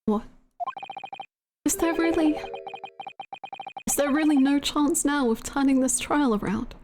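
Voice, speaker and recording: A woman voicing a nervous young male rookie lawyer, reading earnest, stammering game lines in her own high voice. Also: measured pace, noisy background. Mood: anxious. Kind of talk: reading game dialogue aloud. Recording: game music underneath. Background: game music.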